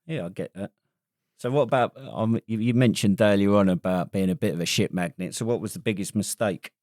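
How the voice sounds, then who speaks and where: A man hosting a veterans' podcast, relaxed and prompting his guest with questions. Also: fairly low pitch, brisk, no room sound, clean studio sound. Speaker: podcast host. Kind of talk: casual podcast interview.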